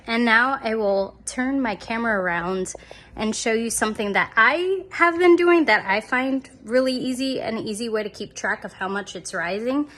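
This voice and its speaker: A woman talking casually to her phone camera at home in a chatty, giggly, self-mocking way. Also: fairly high pitch. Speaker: vlogger.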